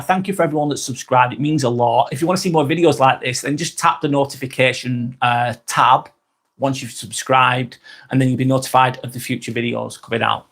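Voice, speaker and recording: A man's voice: medium pitch, a bit bright. A man with a Northern English accent hosting a casual live vlog from home, blunt and chatty, swearing freely and repeating his points. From England. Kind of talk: casual live-stream talk.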